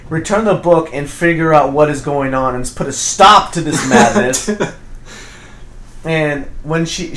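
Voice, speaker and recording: A man in casual podcast chat, retelling a movie plot in quick bursts and acting out the characters' lines. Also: fairly high pitch, a bit bright. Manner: rambling retelling, quick bursts, acts out quotes. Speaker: podcast co-host. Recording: roomy echo.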